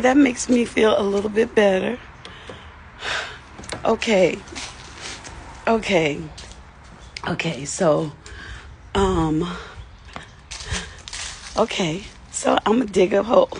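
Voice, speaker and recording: This woman's fairly low voice comes from her yard by the lawn, where she's live-streaming tearfully, nearly crying. Her talk is emotional and repetitive, peppered with nervous laughs and self-talk, against slight background noise.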